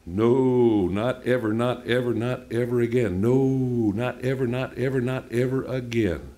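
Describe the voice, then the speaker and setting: Man reading a tough ranch mother, cussing hard, crooning soft to a horse, lowish voice. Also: expressive, normal speed, natural voice. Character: old Texan mother breaking a horse.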